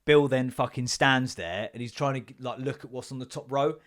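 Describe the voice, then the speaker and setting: A man's voice: medium pitch, steady tone, normal speed. A man in his thirties hosting a casual solo podcast, telling stories in a sweary, jokey way and slipping into mock voices. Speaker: podcast host.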